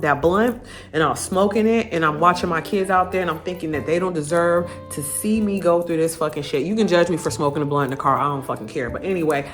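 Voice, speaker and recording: An adult woman, telling a personal story to camera in a candid, profane, lively way. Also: low-pitched. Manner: candid, profane, animated retelling. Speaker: vlogger.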